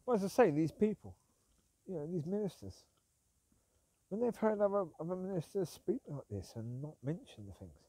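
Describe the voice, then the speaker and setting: A man's voice: sits high, sing-song, normal speed, mellow, breathy edge, dry recording. A man talks casually about ministers and sin while out walking his dogs, rambling and breaking off to call to them. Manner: rambling, calls out to his dogs between points. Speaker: Christian talk vlogger. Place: outdoors on a walk.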